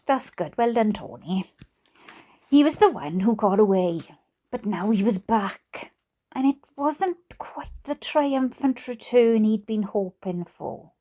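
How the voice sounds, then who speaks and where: A woman's voice: medium pitch, a little mellow. A Welsh woman reading a book aloud, breaking off for giggly, chatty asides. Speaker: book reader.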